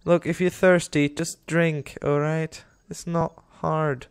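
Gravelly young man rambling over gameplay. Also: fairly high pitch, flat delivery, slow pace, dry recording. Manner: rambling, talks to the game animals, easily exasperated. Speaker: gaming YouTuber. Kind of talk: casual gameplay commentary.

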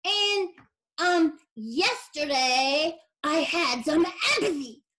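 Very high, slow, gentle woman teacher. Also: expressive. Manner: slow, gentle, childlike sing-song. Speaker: teacher and puppeteer. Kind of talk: puppet storytelling for children. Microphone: video call.

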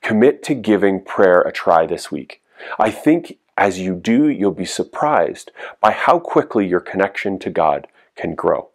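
A man's voice: sits low, big pitch swings, measured pace. A man giving a youth sermon as a youth pastor, earnest and encouraging, repeating his key phrases. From Canada.

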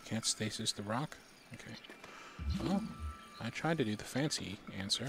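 A man casually commenting on his gameplay, muttering to himself as he puzzles things out, with sudden excited outbursts. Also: fairly low pitch, moderate pace, noisy background. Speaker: gaming streamer. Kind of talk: casual let's-play commentary.

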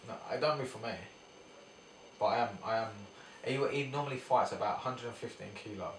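A man's voice: medium pitch, a little fast, slight background noise. A man chatting casually as a boxer guest, in laid-back, slangy banter. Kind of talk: casual chat. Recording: echoey room, mic at a distance.

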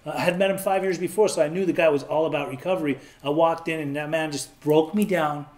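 Fast and steady, his voice on the high side, this Southern Californian man in his thirties tells his own story in an interview. He's candid and plain-spoken, and he imitates the voices of the people he quotes.

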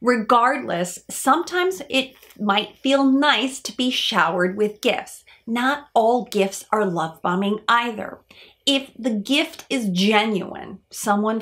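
A woman psychologist speaking to her viewers in an educational talk, at a middle pitch. She explains step by step and often asks rhetorical questions. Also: a bit bright.

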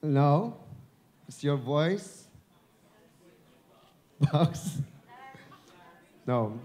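A man's voice: on the high side, lively intonation, extremely slow, mellow. A man with a Filipino accent, a dubbing director and broadcaster, giving a chatty, encouraging live speech at an event, speaking into a handheld microphone held at his chin. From Philippines. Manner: chatty and encouraging, joking with the audience. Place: event venue before an audience.

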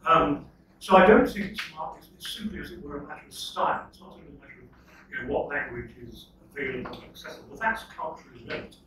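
A man's voice: a little high, lively intonation, fast talker, fairly bright tone. Older Irish man lecturing in echoey hall. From Ireland. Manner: discursive, self-interrupting with repeated starts. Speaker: lecturer answering audience questions. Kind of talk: unscripted lecture Q&A. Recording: echoey hall from far off, noisy.

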